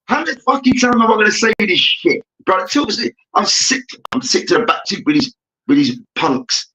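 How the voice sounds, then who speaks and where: Ranting young man, high bright voice. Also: big pitch swings, brisk, a little hiss or hum. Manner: ranting, profane, repeats "hear me now". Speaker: debate show host. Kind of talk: heated sports debate. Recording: dull lo-fi recording.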